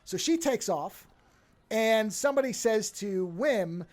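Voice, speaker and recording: On a podcast, a woman with a slightly high voice talks at a slow pace while recapping a TV episode in casual chat. She tells it with animated energy, acting out the quotes and swearing freely.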